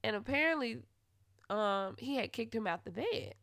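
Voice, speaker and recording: A woman's voice: fairly high pitch, animated, moderate pace, vocal fry, dry recording. Blunt, profane woman host, dry sound. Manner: blunt and profane, swings into loud heated retellings. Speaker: podcast host. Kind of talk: candid storytelling monologue.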